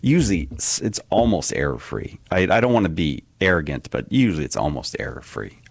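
A man hosting a call-in radio show in a loose, joking way, laughing at himself as he goes. His voice sits fairly low but swings widely in pitch. The sound is close and dry, with no room around it. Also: big pitch swings, fairly quick, creaky, breathy edge, no echo. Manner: joking, self-mocking, laughs often. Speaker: guest host. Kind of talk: casual radio call-in chat.

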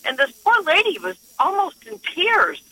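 A woman calling in to a radio show, telling a story in an animated way and acting out what others said. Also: extremely high pitch, normal speed, dry recording, low-quality recording. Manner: animated storyteller who acts out the quoted voices. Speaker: caller.

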